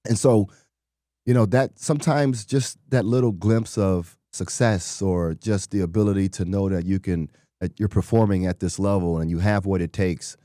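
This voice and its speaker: A middle-aged former football player telling stories in an interview, animated and acting out quotes from people he met. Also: low-pitched, moderate pace, no room sound, clean studio sound. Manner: animated storyteller, acts out quotes. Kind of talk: conversational interview storytelling.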